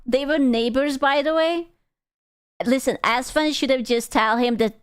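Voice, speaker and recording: A woman streamer giving animated, blunt reaction commentary, swearing freely. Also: sits high, unhurried, smooth, no room sound. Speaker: VTuber streamer reacting to a clip.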